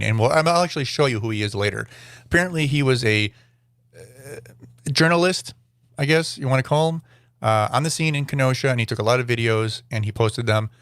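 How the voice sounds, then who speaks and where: A man with a mid-range, slightly bright voice is heard in a dry recording. Hosting a podcast, he comments casually over news clips, rambling, correcting himself, and dropping dry, sarcastic asides.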